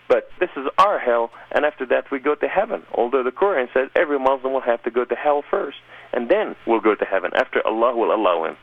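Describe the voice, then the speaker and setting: A man's voice: mid-range voice, vocal fry, slightly rough, no room sound. A man giving an emphatic, impassioned personal conversion testimony as an interview guest. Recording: narrow phone-like radio sound.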